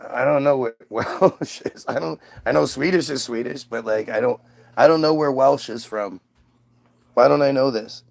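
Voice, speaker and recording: A man's voice: mid-range voice, moderate pace, vocal fry. A man from the United States hosting a casual livestream, reading chat aloud in a rambling, profane, self-mocking way.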